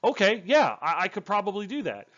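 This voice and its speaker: A man voicing a wry male time-traveler in a battle suit, talking in a quick, pleading way. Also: high-pitched, big pitch swings, fairly bright tone, dull audio, voice pushed up. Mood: earnest.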